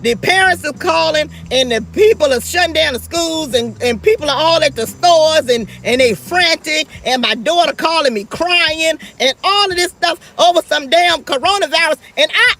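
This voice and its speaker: A woman's voice: sits high, sharp tone. A middle-aged woman, ranting fierily and profanely on her livestream and talking straight to her viewers. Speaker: livestream host. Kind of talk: livestream rant.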